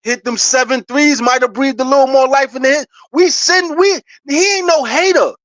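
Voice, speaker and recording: A man gives excited, casual basketball commentary straight to his viewers. He is animated and hyped, and breaks into laughs and shouts. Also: very high voice, moderate pace, no room sound. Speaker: sports commentator vlogger.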